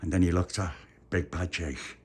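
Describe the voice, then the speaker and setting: A man's voice: sits low, steady tone, moderate pace, a little mellow, husky. A man telling an improvised children's story in a playful way, with many restarts.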